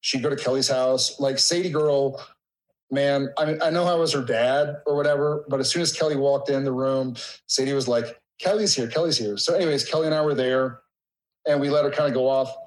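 A middle-aged man in casual conversation, telling a story in a halting, emotional way with many fillers. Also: mid-range voice, fairly even intonation, low-quality recording. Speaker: guest.

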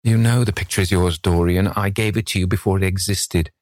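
A man's voice: low-pitched, fairly even intonation, brisk, a little mellow, dry recording, studio quality, natural voice. A man voicing an earnest, devoted Victorian painter who speaks in an anxious, imploring way.

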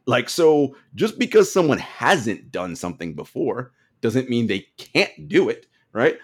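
A man's voice: mid-range voice, big pitch swings, normal speed, hardly any pauses, husky. A man co-hosting a casual sports podcast, telling stories animatedly and laughing often. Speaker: podcast co-host.

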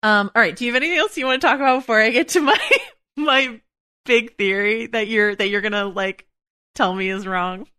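A woman's voice: mid-range voice, fast talker, pushed and bright, smooth, no echo, studio quality. A woman hosting a podcast in casual chat, thinking aloud with lots of restarts and asides. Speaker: podcast host.

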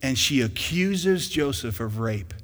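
A male pastor preaching a sermon who swings from hushed to loud and calls for responses from the congregation. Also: mid-range voice, lively intonation, slow, long reverb tail.

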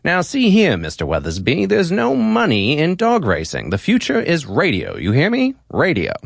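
A man doing a brash old-timey movie fast-talker. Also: on the high side, wildly swooping pitch, creaky, no echo, clean studio sound, pitched above the performer's own voice, exaggerated voice. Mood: insistent. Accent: Transatlantic. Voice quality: clipped, nasal old-timey delivery.

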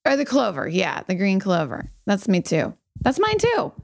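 A woman's voice: medium pitch, huge pitch swings, moderate pace, creaky. A woman co-hosting a podcast, bubbly and enthusiastic, gushing in a casual chat. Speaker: podcast co-host.

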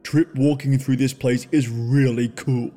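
A man voicing an easygoing, unbothered young man who speaks slowly and relaxed. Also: medium pitch, close to an everyday voice. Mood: laid-back.

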